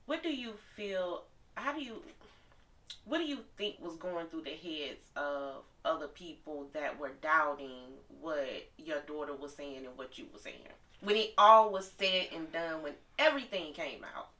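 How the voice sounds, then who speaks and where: A woman hosting an interview, gently affirming her guest and asking careful questions. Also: low-pitched, lively intonation, normal speed. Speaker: host. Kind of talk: supportive interview. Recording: distant mic.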